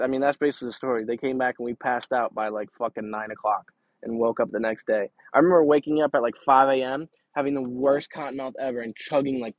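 A man's voice: mid-range voice, no room sound, muffled recording. A young man hosting a podcast, telling a long rambling story in casual, profane talk, often with laughter. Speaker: podcast host.

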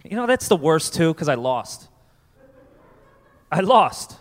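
Stand-up comic from Connecticut, lively swinging delivery, slightly high voice, reverb of a live hall. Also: male voice, slow. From Connecticut, USA. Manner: animated, profane, self-deprecating. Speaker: stand-up comedian. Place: comedy festival stage before an audience.

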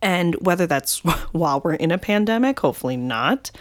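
Woman co-host, young adult, deep voice, candid and emotional, filler-heavy casual talk. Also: expressive, normal speed. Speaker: podcast co-host. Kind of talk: casual podcast chat.

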